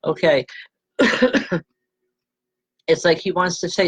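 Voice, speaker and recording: A woman reverend giving live spirit readings to viewers, speaking gently and haltingly and calling people by name. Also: lowish voice, slightly rough, no room sound, poor audio.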